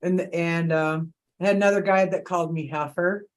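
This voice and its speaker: A woman's voice: lowish voice, fairly even intonation, moderate pace. A middle-aged woman, a guest on a chat panel, telling candid rambling stories and laughing often. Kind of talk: casual storytelling chat.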